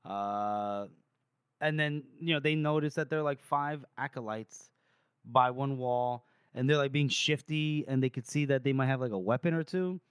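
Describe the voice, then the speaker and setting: A man's voice: mid-range voice, clear, resonant tone, dry recording. Man retelling a story, dry close sound. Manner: quotes characters in quick voices, stammers and restarts. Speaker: podcast co-host. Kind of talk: casual book discussion, retelling scenes.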